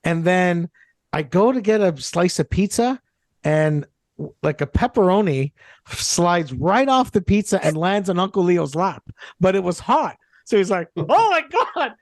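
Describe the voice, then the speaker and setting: A man with a notably high voice tells a story among friends, slipping into the voices of the people in it. The sound is dry and close, with no room around him. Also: expressive, a little slow, darkish tone, no echo. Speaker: radio co-host. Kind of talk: casual storytelling chat.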